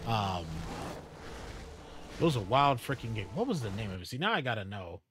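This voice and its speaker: A man's voice: on the low side, sing-song, moderate pace, background noise. A man streaming a game live, chatting casually in a rambling, sidetracked way with many fillers. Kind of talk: casual gaming chat. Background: game music.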